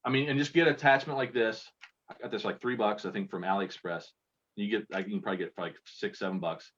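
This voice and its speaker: Husky and a bit bright, this man speaks quickly in a fairly low, steady tone. He's a contest entrant from Kentucky being interviewed by video call, casually rambling through self-deprecating stories. The sound is dull and lo-fi.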